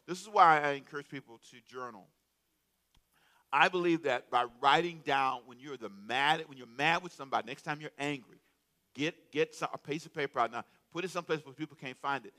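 A man preaching a sermon as a pastor, animated and calling out to his congregation, often repeating words. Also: medium pitch, brisk.

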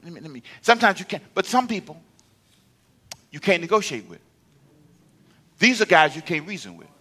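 Older preacher guy, high bright voice, punchy sermon with call and response. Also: sing-song, moderate pace, husky. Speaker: pastor.

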